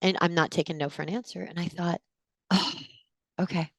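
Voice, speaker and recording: A woman in her forties, a guest in an interview, telling a personal story in an animated way and acting out what people said. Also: lowish voice, quick pace, no room sound. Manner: animated storyteller, acts out quotes with gasps.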